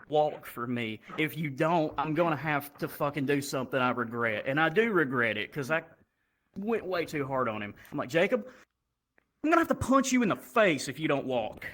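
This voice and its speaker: A man doing stand-up comedy on a club stage, telling a profane story and acting out the people in it. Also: a little high. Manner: profane, animated, acts out characters. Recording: loud crowd noise. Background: audience laughter.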